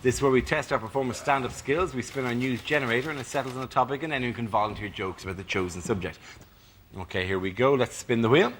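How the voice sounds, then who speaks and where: A man hosting a comedy panel show, announcing rounds and calling on panelists briskly. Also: medium pitch, a bit bright. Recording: noisy studio with audience. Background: studio audience.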